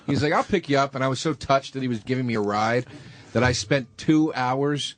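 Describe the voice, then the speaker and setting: A man's voice: mid-range voice, brisk. A man telling funny stories as a guest comic on a radio talk show, acting out what people said. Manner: animated, acts out quotes. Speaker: comedian guest. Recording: radio studio with loud laughter.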